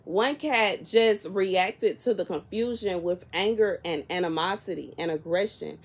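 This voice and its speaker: A woman in her early thirties, talking casually to camera in a soft-spoken, chatty and rambling way. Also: mid-range voice, a little slow, breathy edge. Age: 30s. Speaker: prophetic content creator.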